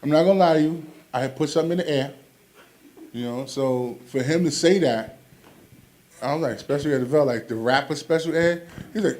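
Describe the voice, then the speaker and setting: A man's voice: fairly high pitch, brisk. A man doing a stand-up comedy set, telling stories animatedly and acting out quoted voices.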